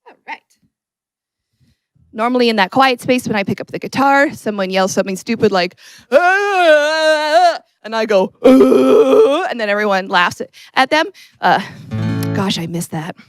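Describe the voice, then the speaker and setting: A woman doing a musical comedy set with deadpan, self-mocking asides as she introduces her songs. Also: mid-range voice, moderate pace, long pauses, no room sound. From Canada. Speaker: comedy singer. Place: stage filmed without audience. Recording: with guitar music behind. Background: acoustic guitar.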